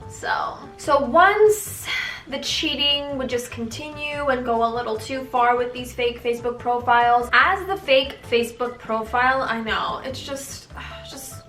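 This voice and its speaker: A young woman from Tanzania, a vlogger telling a candid, sarcastic and animated story with swearing and slang. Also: on the high side, measured pace, distant mic, soft background music. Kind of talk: casual storytime vlog. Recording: roomy echo, voice a bit off-mic.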